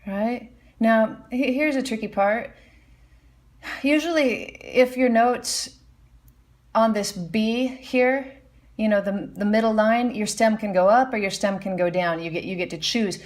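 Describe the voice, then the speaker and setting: A woman with a slightly high voice and a somewhat slow delivery gives a casual piano lesson. She explains notation and sings melody lines on "da," humming and scatting the tunes as she talks.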